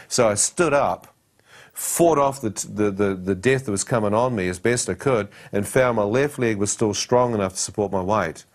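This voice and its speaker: A man's voice: on the low side, normal speed. A man giving a personal testimony, telling his story dramatically and acting out the dialogue and his own thoughts.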